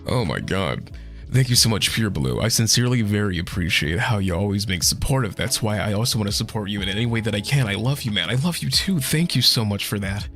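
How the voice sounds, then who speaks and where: A man's voice: on the low side, lively intonation, fast talker, fairly bright tone, soft background music. A young man streaming casual chat, tearful and swearing a lot as he thanks his viewers.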